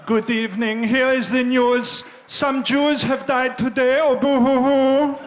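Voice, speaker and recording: A man's voice: very high-pitched, flat delivery, measured pace, a little hiss or hum, voice pushed up. A man putting on a mock-sorrowful male German newsreader with hollow, theatrical sympathy.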